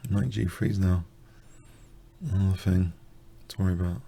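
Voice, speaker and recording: A tired man commentating his own blitz chess game live, muttering self-deprecating remarks and clearing his throat. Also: low-pitched, steady tone, a little slow, warm tone. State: slightly exhausted, coughing. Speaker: chess streamer.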